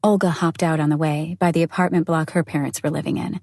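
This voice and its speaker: Mellow, breathy woman narrating an audiobook. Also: deep voice, fairly even intonation, fast, no room sound. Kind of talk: first-person audiobook narration.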